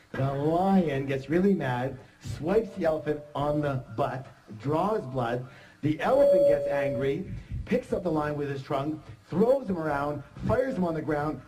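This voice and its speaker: A middle-aged man giving an energetic motivational seminar talk, joking and quizzing the audience. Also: fairly high pitch, poor audio. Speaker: seminar speaker.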